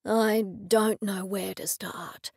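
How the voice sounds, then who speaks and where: A woman narrator puts on a steady, protective male detective in an audiobook. He speaks hesitantly and earnestly, with a slightly gravelly texture. The sound is dry and close. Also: medium pitch, moderate pace, no room sound. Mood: tender.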